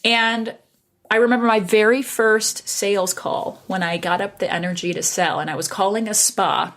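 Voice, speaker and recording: A woman, a podcast guest, telling workplace stories in a lively, animated way and acting out both sides of old phone calls. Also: medium pitch, normal speed. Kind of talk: casual conversation.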